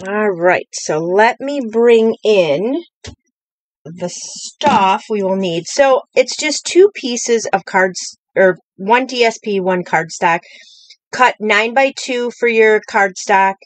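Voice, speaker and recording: A woman's voice: mid-range voice, lively intonation, slow, a little hiss or hum. A woman hosting a live-streamed craft tutorial from a home craft table, talking in a chatty, rambling way with many fillers. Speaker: craft demonstrator.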